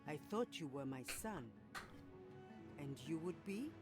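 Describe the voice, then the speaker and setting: Guy doing a worried mom voice, soft and high, slow and singsongy, game music behind. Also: animated. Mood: anxious. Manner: soft, quiet, raised falsetto-like pitch, drawn-out. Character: worried middle-aged mother, anxious and polite. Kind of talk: reading game dialogue aloud.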